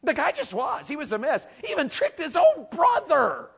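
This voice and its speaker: A man preaching a sermon, telling a story with animated energy, asking the crowd questions and building to shouts. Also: very high voice, normal speed, vocal fry, in a large hall. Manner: asks the audience questions.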